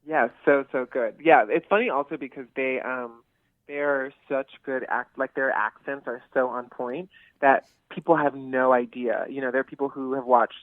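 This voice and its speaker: A man's voice: mid-range voice, fairly even intonation, moderate pace, no echo. A man, an actor, being interviewed about his film, giggly and effusive, rambling as he talks. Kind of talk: casual interview. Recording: tinny phone line.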